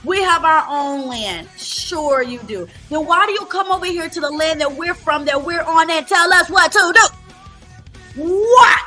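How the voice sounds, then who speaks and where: A woman's voice: very high voice, bright, forceful tone. A woman hosting a livestream, talking in a blunt, profane, repetitive rant. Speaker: livestream host.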